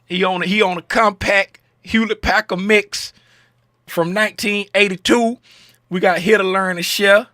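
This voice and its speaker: High, bright-voiced man hosting a livestream. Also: steady tone, normal speed, no echo, studio quality. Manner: joking, shouting out chat viewers by name. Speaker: trading livestream host. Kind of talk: casual livestream chat.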